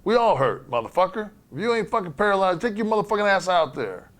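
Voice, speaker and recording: A man yelling as a furious profane wrestler. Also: high voice, big pitch swings, fast talker, pitched above the performer's own voice. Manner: shouting, profane scolding. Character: furious male wrestler berating a colleague.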